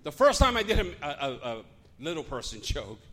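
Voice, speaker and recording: A man's voice: a little high, big pitch swings, a little fast, bright, forceful tone. A Puerto Rican man hosting a live stand-up comedy show, telling jokes and laughing along at his own material. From Puerto Rico. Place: comedy club stage.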